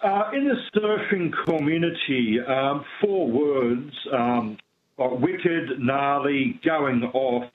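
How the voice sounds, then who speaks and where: A man's voice: mid-range voice, slow. A man calling in to a radio show, hesitant and searching for words. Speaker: caller. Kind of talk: phone-in question. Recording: dull phone-in line with faint noise.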